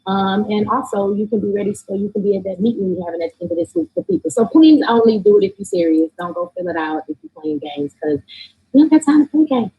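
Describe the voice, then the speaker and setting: Woman, livestream host, very husky tone, gravelly fry, loose joking chatter, tablet mic. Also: mid-range voice, animated, quick pace, warm tone, rough recording. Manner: loose and joking, with laughs and cussing. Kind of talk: casual livestream chat. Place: remote location. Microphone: streaming from a tablet.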